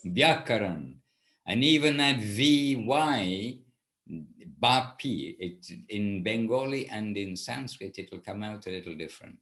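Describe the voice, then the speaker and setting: This spiritual teacher leads a casual class in a fairly low, expressive voice that's a bit bright, keeping a measured pace. He wanders from point to point, often correcting himself and starting over.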